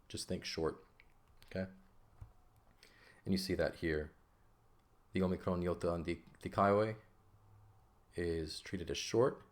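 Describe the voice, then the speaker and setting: Guy with a low voice walking thru a grammar lesson, keeps asking "okay?". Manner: explains patiently, checks in with frequent "okay?". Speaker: Greek teacher.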